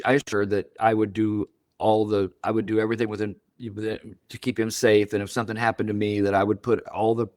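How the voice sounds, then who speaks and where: A man's voice: fairly low pitch, no echo, studio quality. An older man in his seventies, a guest in an interview, telling stories and acting out quoted dialogue. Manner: animated, acts out quoted dialogue. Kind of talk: storytelling interview.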